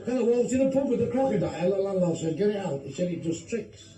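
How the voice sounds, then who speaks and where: A man's voice: sits high, animated, fast, a crowd in the background. A man telling bawdy jokes, swearing freely and switching voices for the characters, recorded on a phone from a distance. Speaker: joke teller. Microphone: phone video. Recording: echoey room, phone from a distance.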